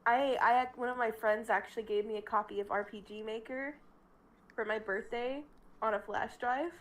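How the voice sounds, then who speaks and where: A woman's voice: a little high, steady tone, poor audio. A young woman as a podcast guest, chatting casually in a playful, teasing way. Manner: playful and teasing, quick to joke.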